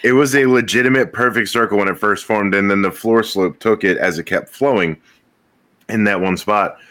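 Bright, low-voiced man telling it bluntly. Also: normal speed. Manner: blunt, swears, tells events step by step. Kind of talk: casual chat.

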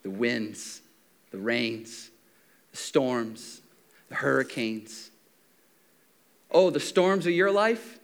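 A pastor with a mid-range voice preaches extremely slowly, pausing often, as he tells the stories in a lively, conversational style. He voices the characters' lines and swings from loud shouts to near-whispers.

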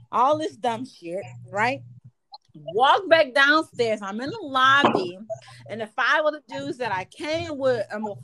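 A young woman telling a story in a brash, profane, animated way. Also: on the high side, noisy background. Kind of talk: casual storytelling.

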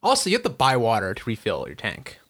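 A young man co-hosting a podcast, telling stories in casual chat, animated and swearing, saying "dude" a lot. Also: mid-range voice, quick pace. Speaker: podcast co-host.

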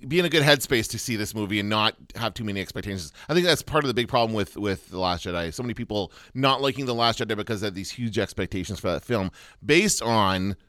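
A man's voice: fairly low pitch, quick pace, a bit bright, no room sound, studio quality. A man co-hosting a podcast, talking in a rambling casual way with many restarts and fillers. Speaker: podcast co-host. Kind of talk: casual chat.

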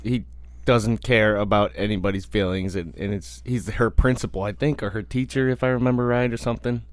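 A man co-hosting a casual podcast, halting and hedging as he searches for words. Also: on the low side, steady tone, smooth, no echo. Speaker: podcast co-host.

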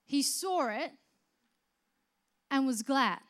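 A woman preaching a sermon, swinging from soft, conversational explanation to loud, emphatic proclamation. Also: on the high side, a little slow, pauses often. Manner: conversational, with restarts and filler words.

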